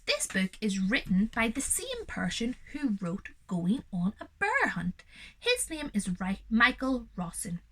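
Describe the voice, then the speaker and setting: Young female teacher reading a picture book to kids; gentle, reassuring, bright and animated. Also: on the high side, unhurried. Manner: gentle, reassuring, speaking directly to young children. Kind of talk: reading a picture book aloud to children, with explanations.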